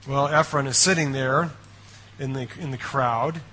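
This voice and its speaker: A man preaching a sermon in an animated, conversational way, checking in with his listeners through frequent rhetorical questions. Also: mid-range voice, a little slow, breathy edge. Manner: animated storytelling. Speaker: pastor.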